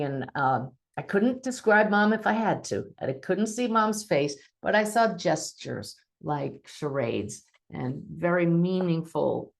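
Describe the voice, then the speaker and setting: A woman's voice: fairly low pitch, creaky. A woman medium giving a webinar talk, recounting a reading expressively and teaching in an earnest tone. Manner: expressive, re-enacts dialogue while recounting.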